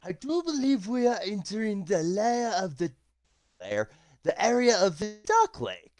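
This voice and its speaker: A man voicing a wise, formal old male guide who speaks slowly and with measure. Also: high-pitched, big pitch swings, a little mellow, voice pushed up. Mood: solemn.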